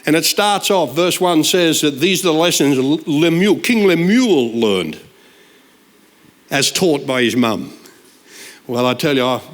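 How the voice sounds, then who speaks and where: Guest preacher, sixties, high voice, animated joking delivery that jumps into shouted punchlines. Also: male voice. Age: 60s. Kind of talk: humorous sermon storytelling.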